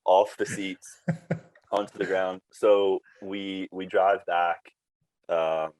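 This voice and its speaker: A man's voice: low-pitched, little pitch movement, slow, a little mellow, poor audio. A man, a former team PR staffer, telling casual stories as a podcast guest and laughing through them. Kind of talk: casual storytelling chat.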